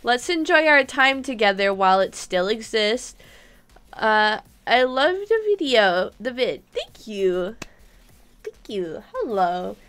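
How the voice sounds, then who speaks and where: Young woman, gaming livestreamer, giggly and chatty, high voice, unhurried. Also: big pitch swings, a bit bright, clear, resonant tone. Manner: giggly, chatty, reads out viewer comments. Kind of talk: casual live stream chat.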